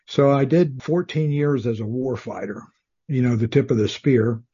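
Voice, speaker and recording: Brief: older male guest from South Texas, calm and soothing, mellow husky tone. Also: mid-range voice, normal speed, muffled recording. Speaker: guest, retired Army officer. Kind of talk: casual interview.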